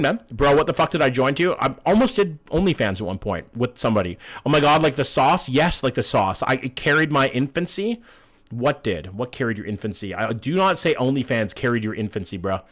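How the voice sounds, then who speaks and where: A man's voice: on the high side, a bit bright. Chatty, cussing young streamer guy. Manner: chatty, profane, greets chat often. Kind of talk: casual live-stream commentary.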